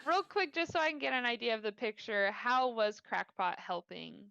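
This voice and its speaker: A woman's voice: fairly high pitch, very animated, moderate pace, creaky, fairly bright tone, smooth, no room sound, muffled recording. Woman running a tabletop game. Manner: loose, thinking aloud with many fillers. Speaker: dungeon master.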